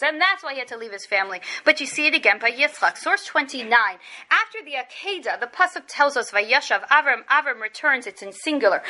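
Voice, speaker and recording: A woman teaching a lesson on biblical texts, animated and acting out the voices in the stories she explains. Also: sits high. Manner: animated, acts out quoted voices of biblical figures. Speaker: Torah teacher. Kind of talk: text study lesson.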